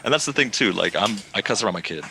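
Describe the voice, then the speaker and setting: A young man hosting a podcast, chatting casually and fast with plenty of swearing. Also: lowish voice, vocal fry, noisy background. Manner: fast, profane, animated storytelling. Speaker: podcast host. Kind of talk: casual chat.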